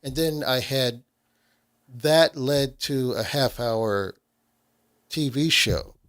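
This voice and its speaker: A man's voice: mid-range voice, slow pace, fairly bright tone. A middle-aged man from Nashville, a radio host in casual chat, telling stories and acting out what people said. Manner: storytelling, acts out quoted voices.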